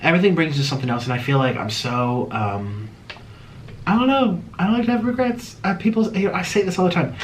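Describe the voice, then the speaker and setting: A man chatting casually through a mukbang eating vlog, dramatic and swinging between low mumbles and excited yelps. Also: fast talker, slight background noise. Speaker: mukbang vlogger.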